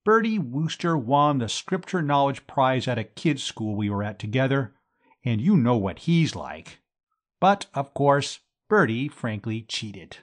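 Man voicing pompous young toff, tipsy, blustering, pitch jumping high. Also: big pitch swings, measured pace. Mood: accusing. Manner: blustering, rising to high indignation.

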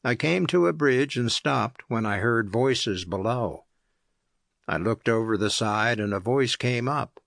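Gravelly, dry male audiobook narrator. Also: medium pitch, dry recording. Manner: measured, even storytelling. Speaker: audiobook reader.

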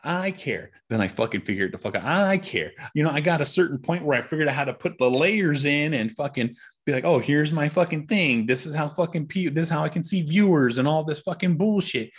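Husky middle-aged man, profane frustrated rant. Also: a little high, animated, fast talker. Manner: frustrated, profane, repetitive ranting. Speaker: podcast host. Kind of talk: solo podcast rant.

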